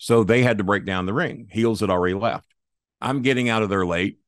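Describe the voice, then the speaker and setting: A man with a low-pitched voice tells a long story in a relaxed interview, cursing freely and jumping into the voices of the people he quotes. The sound is dry and close, with little room behind it. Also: a little fast, no echo. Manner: profane, animated, acts out quoted voices. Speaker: guest storyteller.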